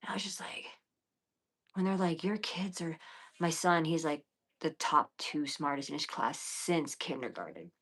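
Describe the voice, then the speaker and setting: Low-voiced, blunt, profane woman streamer. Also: normal speed, a bit bright, slightly rough. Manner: blunt, profane and defiant, talking to viewers; drops often to whispers and mutters. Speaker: livestream host. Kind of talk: casual late-night livestream chat.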